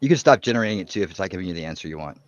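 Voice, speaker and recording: A man in casual chat on an open mic show, giving quick, helpful explanations. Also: sits low, animated, no echo, lo-fi sound.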